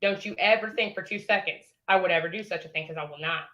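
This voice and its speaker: Bright, brash woman talking trash. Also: on the low side, fast, highs cut off. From Indiana, United States. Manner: brash, threatening, sassy trash talk. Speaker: livestream caller. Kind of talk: heated livestream confrontation.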